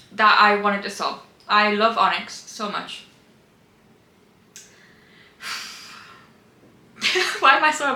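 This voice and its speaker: Young female book vlogger, emphatic, rambling, bright and sharp tone, room echo. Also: mid-range voice. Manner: gushing, emphatic, rambling with restarts. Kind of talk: casual reading wrap-up chat. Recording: roomy echo.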